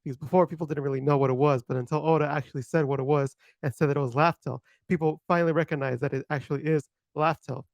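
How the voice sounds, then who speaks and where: A man's voice: on the high side, steady tone, quick pace, gravelly, hardly any pauses, dry recording, dull audio. A man co-hosting a casual podcast, explaining things earnestly and laughing easily. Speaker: podcast co-host.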